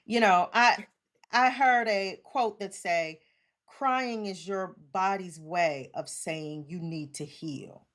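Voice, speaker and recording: A woman's voice: lowish voice, slow pace. A woman in her forties hosting a casual chat, affirming her guest with frequent murmurs of agreement. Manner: warm affirming, many listening murmurs.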